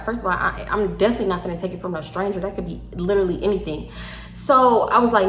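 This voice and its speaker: A young woman, a storytime vlogger with a Southern US Houston accent, chats through a story with a mid-range voice at a fairly quick pace. A little tipsy, she's animated, laughs often, swears without restraint and acts out the lines she quotes, all in an echoey room.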